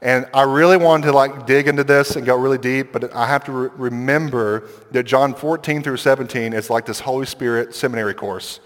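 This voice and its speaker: A man preaching a sermon as pastor, talking in a conversational, animated way with quick asides and acted-out quotes. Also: mid-range voice. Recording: long hall reverb.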